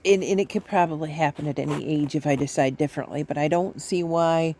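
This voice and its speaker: A woman's voice: brisk, warm tone, a little hiss or hum. Woman vlogger, rambling casual chat, laughs a lot, coos at pets. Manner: rambling, talks to her pets in a high baby voice; laughs often.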